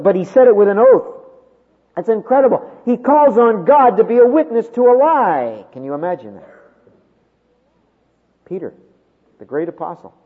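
A man preaching a sermon, with dramatic swings from loud emphasis to hushed tones. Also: high-pitched, slightly rough. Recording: tinny phone-like sound with long hall reverb.

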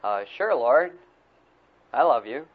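A man's voice: mid-range voice, lively intonation, slow pace, husky, pitched below the performer's own voice. A man voicing a hesitant adult fisherman who is eager to reassure. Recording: tinny phone-like recording.

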